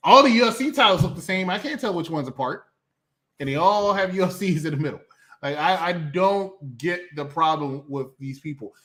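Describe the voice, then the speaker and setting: A man co-hosts a casual wrestling podcast. His voice is a little high and very bright. He talks emphatically, in a ranting way, laughing now and then. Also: lively intonation, normal speed. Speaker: podcast co-host.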